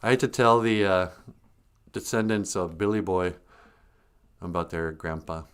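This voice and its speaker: A man's voice: sits low, measured pace, clean tone. An older man hosting a casual livestream, greeting viewers and telling joking stories with frequent chuckles. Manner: joking, storytelling, chuckles often. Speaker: livestream host.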